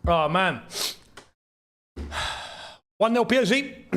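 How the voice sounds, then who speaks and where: A man hosting a live football watchalong, excitable and quick to shout and laugh. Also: high-pitched, vocal fry. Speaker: football channel host.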